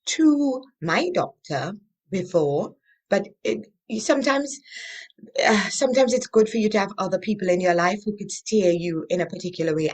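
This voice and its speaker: A woman, a coach and interview guest, telling her story in an animated, expressive way. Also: medium pitch.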